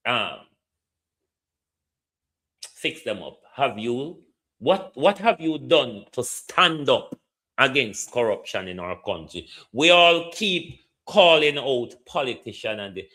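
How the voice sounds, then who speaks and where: Impassioned Jamaican man, lively pitch. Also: slow pace. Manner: lecturing, challenges listeners with questions. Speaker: political commentary host. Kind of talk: impassioned political commentary.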